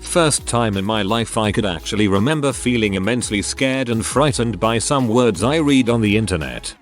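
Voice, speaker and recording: A man narrating a series of forum stories in a steady scripted reading. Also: lowish voice, normal speed, soft background music.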